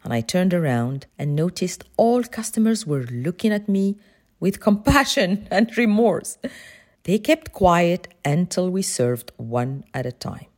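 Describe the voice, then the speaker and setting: A woman, a former pharmacist, giving a motivational talk with expressive, emphatic storytelling. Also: fairly low pitch, a little slow.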